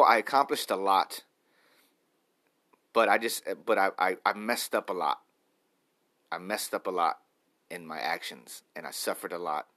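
A man in his late thirties talking to camera in a rambling, self-reflective daily vlog, repeating himself as he thinks out loud. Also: on the low side. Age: 30s. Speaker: vlogger. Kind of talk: stream-of-consciousness daily vlog.

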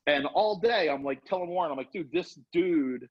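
A man's voice: on the high side, normal speed. A middle-aged man telling a long rambling story in casual chat, acting out what people said. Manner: rambling, animated, acts out quotes. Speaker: storyteller guest. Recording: dull lo-fi sound.

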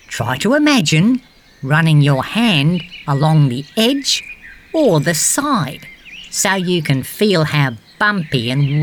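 A woman voicing a cheerful, fact-loving male green tree frog, gently guiding a children's storybook adventure and fond of silly jokes. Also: deep voice, a little hiss or hum, exaggerated voice.

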